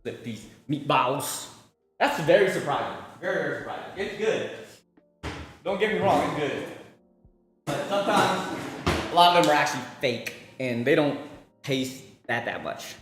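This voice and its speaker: A man's voice: on the high side, lively intonation, moderate pace, long pauses, a bit bright, echoey room, faint music behind. A man streaming while he cooks, chatting casually with his viewers, rambling and repeating himself. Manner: rambling, repeats words, talks to chat between cooking. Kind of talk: casual chat with chat while cooking.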